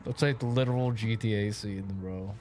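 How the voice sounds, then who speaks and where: A man's voice: lowish voice, normal speed, dark tone. A young man streaming a game, rambling in casual, profane commentary and laughing often. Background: game music.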